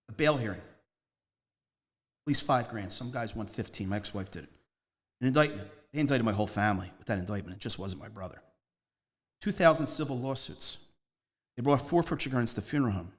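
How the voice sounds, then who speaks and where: A man from Northeast Philadelphia, whose pitch is mid-range for a man, appears as a guest in a casual storytelling interview. He rambles loosely through his story, stresses key words hard, and jumps from one anecdote to another.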